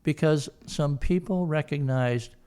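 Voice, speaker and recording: An older man tells a story at an easy, rambling pace, full of ums and restarts. His voice sits a bit higher than most men's. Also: a little slow, dark tone, smooth. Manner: rambling anecdotal storytelling with many fillers. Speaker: guest, son of the founders. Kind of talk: storytelling interview.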